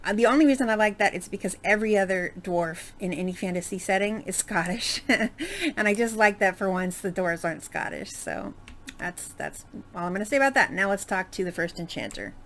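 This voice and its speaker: Woman game streamer; casual, chatty, rambling commentary, average pitch. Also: animated, fairly quick, a bit bright, slight background noise. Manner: chatty, rambling, lots of fillers and asides. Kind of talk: casual let's-play commentary.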